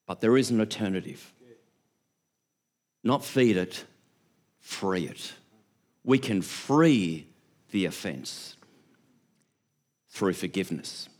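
A man preaching a sermon as a pastor, an animated storyteller who acts out little scenes and laughs often. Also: on the low side, takes it slowly, long pauses.

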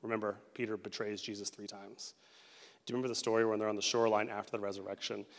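A man in his thirties preaching a sermon as pastor, casual and animated, slipping into quick acted quotes. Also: lowish voice. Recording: long reverb of a large hall.

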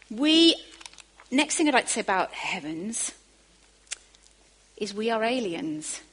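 A woman preaching a sermon, moving from quiet asides to emphatic, rising bursts. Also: mid-range voice, expressive, measured pace, poor audio.

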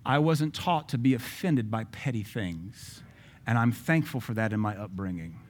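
A man's voice: fairly low pitch, expressive, moderate pace. A man giving opinionated social commentary from a Christian view, speaking emphatically with many repeated rhetorical questions.

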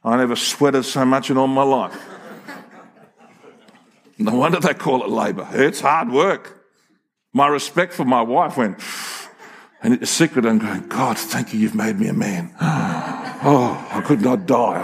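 A man's voice: medium pitch, normal speed, gravelly, breathy edge. A man, preaching a sermon in a folksy, emphatic storytelling way with frequent restarts. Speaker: pastor.

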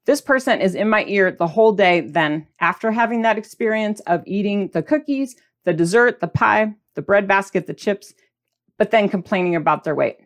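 A woman hosting a podcast in a casual, animated and emphatic monologue. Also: medium pitch, moderate pace. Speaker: podcast host.

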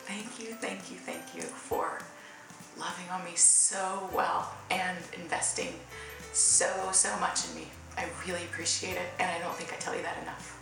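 A woman's voice: on the low side, fairly even intonation, moderate pace, gravelly, very echoey, over music, low-quality recording. A woman giving earnest, heartfelt thanks in a recorded video tribute.

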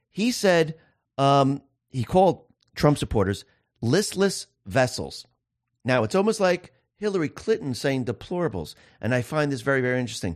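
Man asking rhetorical questions, lively pitch. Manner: rhetorical questions, emphatic repetition; reads quoted passages aloud. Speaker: political commentary host. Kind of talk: solo political commentary monologue.

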